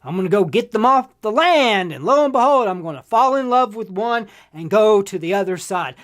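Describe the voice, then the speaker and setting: A woman's voice: medium pitch, animated, normal speed. A woman hosting a podcast, giving a casual, profane film review, emphatic and repeating her lines for effect.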